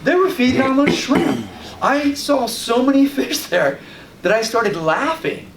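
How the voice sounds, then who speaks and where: A man hosting a fishing show, giving casual tips and telling lively stories in which he acts out his own reactions. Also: very high voice, unhurried, creaky. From Long Island, New York. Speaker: fishing guide and show host. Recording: roomy, distant mic with light background noise.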